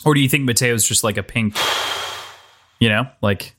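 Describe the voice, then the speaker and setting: A man's voice: mid-range voice, moderate pace, a bit bright. Easygoing male co-host asking questions. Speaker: podcast co-host. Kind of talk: casual book discussion chat.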